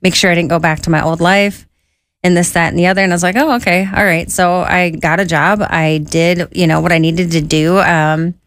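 A woman's voice: fairly low pitch, flat delivery, fairly quick, clear, resonant tone, no room sound. A woman guest telling her personal testimony casually, acting out dialogue with quoted voices and using lots of "I was like" and "you know.".

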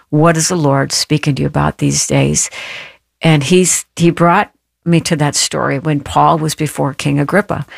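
A woman radio host delivering a devotional message, telling a personal story in an earnest, emotional way, slowing down to stress her points. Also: sits low, vocal fry, no echo, studio quality.

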